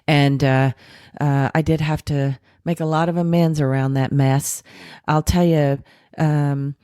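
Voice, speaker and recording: A woman with a notably deep voice recounts her past with blunt candor, animating the people she quotes. When she makes a point she slows and softens her delivery. The sound is dry and close, with no room around it. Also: clear, resonant tone, no room sound. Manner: frank, animated retelling with acted quotes and self-deprecating laughs. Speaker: podcast guest. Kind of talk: candid recovery storytelling.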